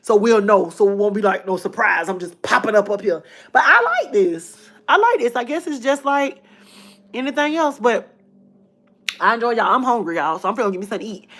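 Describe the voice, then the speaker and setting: A woman hosting her own livestream, telling a personal story in a lively, casual way, repeating phrases for emphasis. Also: mid-range voice, brisk. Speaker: livestream host.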